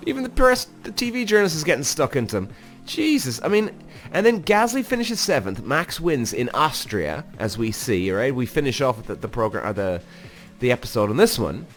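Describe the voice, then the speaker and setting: A man hosting a podcast, reacting to a motorsport documentary in a casual, animated way, swearing freely and speaking straight to his listeners. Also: mid-range voice, fairly quick, soft background music. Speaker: podcast host, former racing driver.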